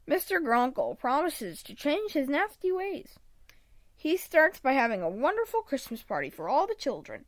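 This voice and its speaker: A woman reading a children's picture book aloud in an expressive read-aloud manner, close to a home microphone. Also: sits high, normal speed, dry recording. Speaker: storybook reader.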